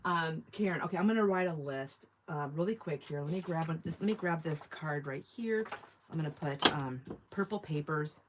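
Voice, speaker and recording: A woman's voice: low-pitched, normal speed, noisy background. A woman hosting a live online sale, chatting casually and rambling as she reads viewer comments aloud. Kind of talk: casual live-stream sales chat.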